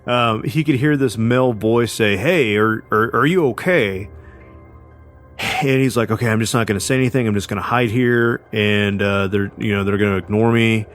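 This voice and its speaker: A man's voice: lowish voice, steady tone, brisk, hardly any pauses, faint music behind. A man co-hosting a podcast, telling a story casually with lots of fillers and restarts. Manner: rambling, many fillers and restarts. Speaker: podcast co-host.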